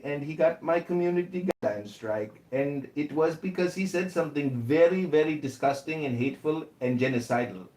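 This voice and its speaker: A man's voice: mid-range voice, a little mellow, echoey room, natural voice, low-quality recording. A man putting on an exaggerated Indian accent in a mock-formal, preachy manner during an online voice chat debate.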